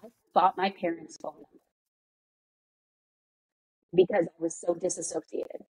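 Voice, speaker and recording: A woman's voice: lowish voice, normal speed, husky, poor audio. Candid, foul-mouthed woman telling her story. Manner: swears freely, animated, acts out quoted people. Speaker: guest.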